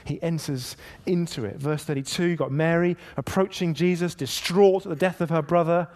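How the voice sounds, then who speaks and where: Preaching at a moderate pace in a voice on the high side, this pastor reads scripture aloud and dramatically voices quotes, building emphasis as he goes in an animated, emphatic sermon.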